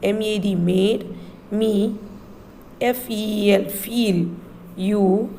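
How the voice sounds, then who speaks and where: Teacher lady, reads super slow, spells every word out, faint hiss behind. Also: mid-range voice, fairly even intonation, dark tone, poor audio. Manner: patient, spells each word aloud then repeats it. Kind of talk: slow reading lesson, spelling words letter by letter.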